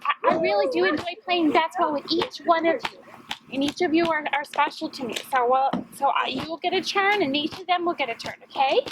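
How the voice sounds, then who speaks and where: A woman acting as a camp counselor, gently and encouragingly talking with a child during basketball. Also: extremely high pitch, lively intonation, fairly quick, background noise. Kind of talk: role-play demonstration.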